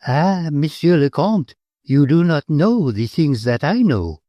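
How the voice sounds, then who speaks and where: A man's voice: on the high side, big pitch swings, a little slow, warm tone, dry recording, studio quality, voice pushed up. A man voicing a dubious, secretive woman who hints at what she knows. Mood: knowing.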